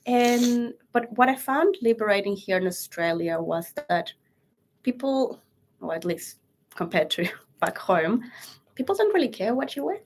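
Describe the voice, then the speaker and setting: A woman's voice: a little high, sing-song, measured pace, a little mellow. A young woman from Chile with a Chilean Spanish accent, chatting casually as an interview guest, laughing often and using many fillers.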